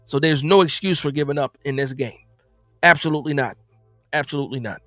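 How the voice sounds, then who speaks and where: A man's voice: fairly high pitch, a little fast, bright, forceful tone, no echo, studio quality, faint music behind. A man hosting a casual football recap livestream, reading viewer comments and answering emphatically, often repeating himself for emphasis. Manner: conversational, emphatic, repeats phrases. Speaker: livestream host reading chat.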